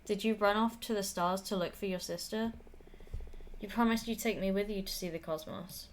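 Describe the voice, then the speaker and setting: A woman's voice: mid-range voice, fairly even intonation, normal speed, slight background noise, natural voice. A woman voicing a grieving young witch at her grandmother's funeral, pleading and defiant, in a game played aloud.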